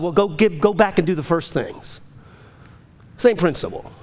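Male preacher, high-pitched, delivering a passionate sermon with sweeping highs and lows. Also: normal speed, long pauses, darkish tone. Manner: impassioned, rising to urgent high pleas then dropping low. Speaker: pastor.

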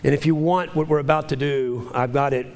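A man preaching with a slightly high voice, declaiming confession lines in emphatic rising bursts. His voice rings out with a long reverb in a church hall. It sounds like a live sermon. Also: fairly even intonation, fairly quick, a little mellow, a little hiss or hum. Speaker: pastor. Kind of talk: sermon leading a spoken congregational confession.

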